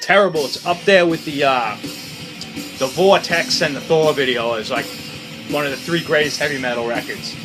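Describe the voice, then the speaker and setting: A man's voice: medium pitch, normal speed, music in the background. A man who collects records, talking casually through his latest vinyl finds in a chatty, opinionated, rambling way. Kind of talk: casual unscripted record haul chat.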